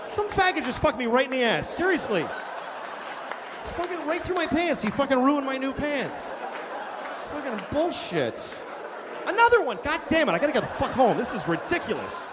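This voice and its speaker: A man's voice: very high-pitched, big pitch swings, moderate pace, a crowd in the background, pitched above the performer's own voice. A man doing a shrieking, outraged guy at an ATM. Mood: outraged shouting. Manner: yelling, indignant, profane. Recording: reverberant hall with noisy room.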